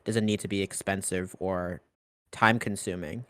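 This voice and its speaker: A man's voice: low voice, steady tone, normal speed, fairly bright tone, no room sound. A young man hosting a Q&A, reading audience questions aloud and adding short comments. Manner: reads questions aloud, then adds brief comments.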